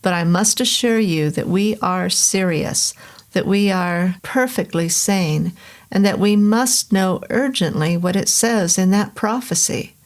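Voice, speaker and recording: A woman voicing a calm, earnest man in a story, who speaks in a measured, serious way. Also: medium pitch, close to an everyday voice.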